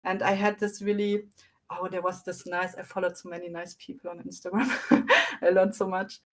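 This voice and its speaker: A woman guest in a casual interview, reflective and animated as she tells her recovery story. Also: fairly low pitch, moderate pace.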